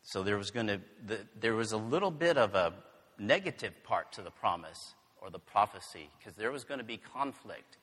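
A male pastor preaching slowly and earnestly in a bright, fairly high voice. He talks in a chatty way and weaves in stories from home. A long hall reverb trails every phrase. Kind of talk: sermon.

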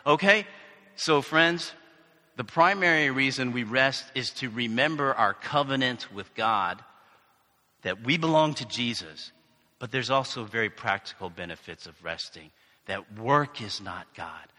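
A man's voice: mid-range voice, animated, unhurried, sharp tone. A male pastor from the United States preaching a conversational sermon with asides and questions to the congregation. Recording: reverberant hall.

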